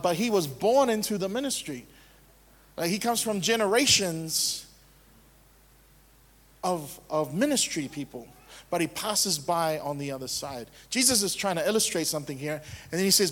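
A man's voice: a little high, fairly bright tone, in a large hall. A man preaching a sermon as pastor, casual and conversational, driving points home with repetition.

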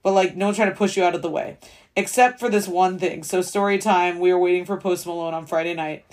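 Young woman, 20s, podcast host; fast, filler-heavy, casual monologue. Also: lowish voice, fairly even intonation, a little mellow. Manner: rambling, filler-heavy valley-girl talk with frequent swearing; fast, chatty storytelling.

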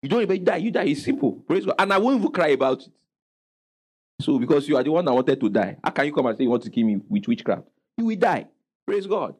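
Lively man preaching. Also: a little high, quick pace, slightly rough, poor audio. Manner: call-and-response preaching, exclaims praise. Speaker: pastor. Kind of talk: sermon.

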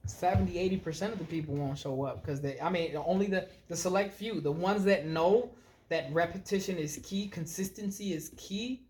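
A man's voice: sits high, normal speed. A man co-hosting a podcast, telling stories animatedly in casual chat with many fillers. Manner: animated, storytelling, filler-heavy. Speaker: podcast co-host.

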